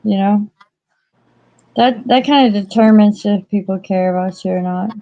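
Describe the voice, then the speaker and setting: A woman's voice: medium pitch, moderate pace. A woman in casual chat, talking freely with many fillers, acted-out quotes and frequent laughs. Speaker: co-host. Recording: dull lo-fi audio.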